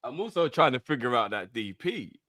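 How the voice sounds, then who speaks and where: A man's voice: medium pitch, brisk, no room sound, studio quality. A man, co-hosting a casual fan show, bantering animatedly. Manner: animated banter, London slang. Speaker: co-host.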